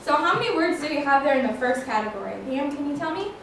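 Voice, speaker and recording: A woman's voice: sits high, animated, fast, a bit bright. A woman teacher leading a phonics lesson, praising her pupils and stretching words out to count their syllables. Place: classroom. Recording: echoey classroom, voice from a distance, faint noise.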